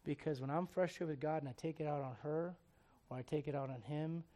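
A man preaching a sermon as pastor, speaking emphatically with loud bursts and direct questions to the congregation. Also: fairly high pitch, steady tone, fairly quick.

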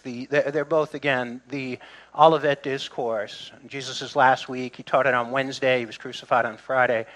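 Preaching in a church, a middle-aged pastor speaks in a slightly high, pushed, bright voice. His delivery is conversational, full of restarts and side remarks to the people in the pews.

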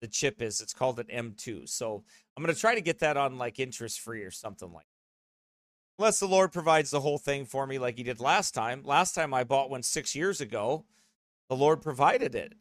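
A man's voice: medium pitch, expressive, fairly quick, a bit bright, no echo. A man who pastors, chatting casually with his streaming congregation in a rambling way, full of restarts, speaking close to a desk mic beside his streaming computer.

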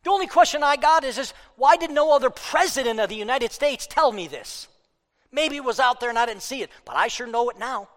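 A man preaching a fiery political sermon, worked up, swinging between loud outbursts and low asides. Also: expressive, fairly quick, in a large hall.

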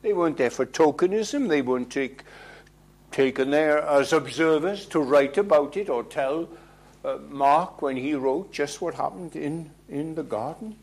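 A man preaching a sermon, emphatic, asking rhetorical questions and swinging between loud declarations and hushed lines. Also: a little high, a little slow.

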